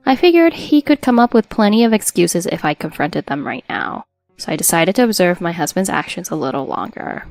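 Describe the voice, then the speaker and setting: A woman's voice: on the low side, lively intonation, a little fast, darkish tone, no echo, faint music behind. Woman narrating an emotional story, dry sound. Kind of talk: scripted first-person story narration.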